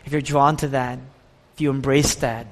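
A man preaching a sermon as pastor, passionate, with wide swings in pitch and volume. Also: fairly even intonation, moderate pace. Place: church sanctuary. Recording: church hall with long reverb.

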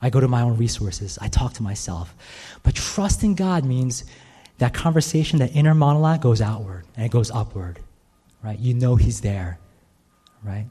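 A man's voice: mid-range voice, expressive, normal speed, dark tone, slightly rough. A male pastor preaching a sermon in a conversational way, often checking in with the listeners with "right?". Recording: long reverb in a large hall.

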